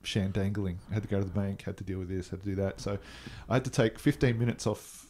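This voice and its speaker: A man's voice: on the low side, fairly even intonation, quick pace, a little mellow, slight background noise. An Australian man co-hosting a casual podcast from a lounge room, joking and laughing often. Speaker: podcast co-host. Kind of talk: casual chat.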